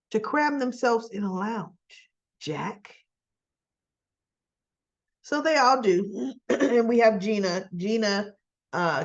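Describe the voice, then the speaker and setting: A woman casually recapping a soap episode in a chatty, conversational way, dropping quick asides to the listener. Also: mid-range voice, lo-fi sound. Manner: chatty, conversational asides, acts out quoted lines. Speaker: soap opera recap vlogger.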